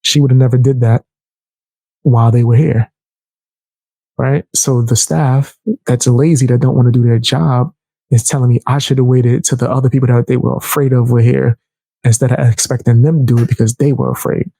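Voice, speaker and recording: A young man telling a heated personal story in casual, animated speech, raising his voice to act out the people he quotes. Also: medium pitch, moderate pace, creaky, no room sound. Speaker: storyteller vlogger.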